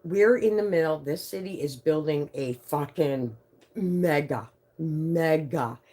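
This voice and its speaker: A woman in her fifties hosting a livestream, chatting with viewers in an animated way, swearing freely and reading out their comments. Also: sits low, slow pace. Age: 50s. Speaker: livestream host. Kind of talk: casual livestream chat with viewers.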